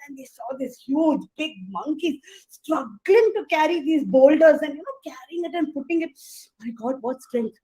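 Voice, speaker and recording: Brief: woman storyteller, chatty and lively, high voice. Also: normal speed, poor audio. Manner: lively, chatty, asides to listeners. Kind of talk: animated oral storytelling.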